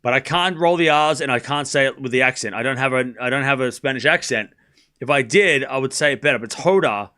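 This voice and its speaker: A man's voice: medium pitch, quick pace, sharp tone. A man casually commentating a live tennis match on a stream, joking and chatting with viewers. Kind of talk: casual watchalong play-by-play.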